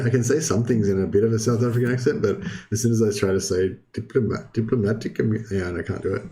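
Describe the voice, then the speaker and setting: Low-voiced hesitant young man gaming. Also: steady tone, fast, few pauses, warm tone. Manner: hesitant, many filler ums and throat clearing. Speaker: gaming video host. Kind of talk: casual let's-play commentary.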